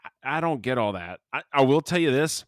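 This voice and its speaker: A medium-pitched, expressive male voice moves briskly through a casual podcast chat about a movie. The co-host has the hiccups, so he rambles and restarts his sentences, and the recording is clean studio sound with no room noise.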